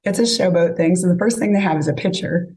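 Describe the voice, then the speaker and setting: A woman's voice: on the low side, quick pace, darkish tone. A woman telling a dating story in casual chat, acting out both sides of each exchange. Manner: chatty, acts out both sides of conversations. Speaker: guest storyteller.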